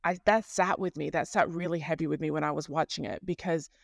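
A woman hosting a podcast in a chatty, animated monologue, often correcting herself mid-sentence. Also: sits low, brisk, gravelly, no echo, clean studio sound. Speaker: podcast host.

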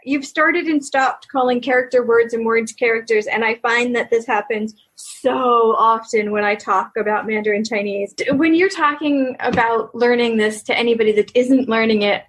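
Woman, podcast host, somewhat high voice, husky, attentive interviewer. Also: normal speed, few pauses, a bit bright. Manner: attentive, asks questions, frequent backchannels.

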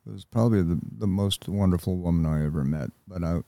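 An older American man, a veteran, talking reflectively in an interview with halting pauses. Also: low-pitched, vocal fry, dark tone, dry recording. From United States. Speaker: interview guest, Vietnam veteran.

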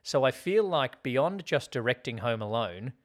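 A man's voice: mid-range voice, lively intonation, normal speed. A man co-hosting a casual film podcast, chatty and jokey, acting out lines from scenes. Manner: chatty, jokey, acts out quotes. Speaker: podcast co-host.

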